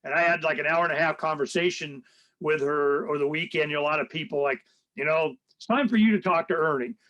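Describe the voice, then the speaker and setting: Talk radio host: older man, high voice, rambling and animated. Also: fast, low-quality recording. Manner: rambling, animated, acts out quoted people in a raised voice. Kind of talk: casual political chat.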